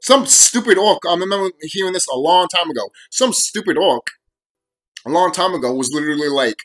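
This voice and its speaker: Young man, vlogger, cursing rant, raised voice, sharp bright tone. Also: on the high side, animated, brisk. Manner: profane, heated, repetitive. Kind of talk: ranting monologue to camera.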